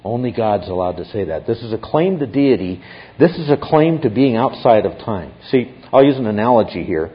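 A man's voice: on the low side, big pitch swings, fairly quick. A man teaching a Bible class, explaining step by step and often checking in with his listeners. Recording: dull lo-fi recording.

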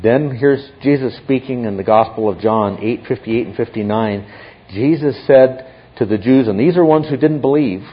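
A man's voice: medium pitch, moderate pace. A man teaching a Bible class, explaining step by step and often checking in with his listeners. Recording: dull lo-fi recording.

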